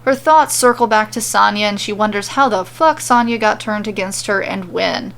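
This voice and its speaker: A woman podcaster reading fan fiction aloud in a steady, lightly wry narration. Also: medium pitch, normal speed, gravelly. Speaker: podcast storyteller.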